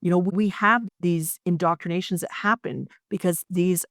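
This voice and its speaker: A woman's voice: lowish voice, steady tone, normal speed, fairly bright tone, dry recording, clean studio sound. A woman co-hosting an art podcast in casual chat, explaining her points with emphasis. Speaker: podcast co-host.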